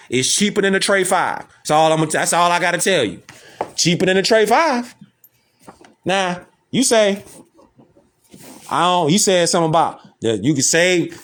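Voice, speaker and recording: Emphatic male commentator, high and very lively delivery. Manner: emphatic, preachy, rhetorical questions. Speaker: host reacting to a clip. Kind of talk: animated commentary.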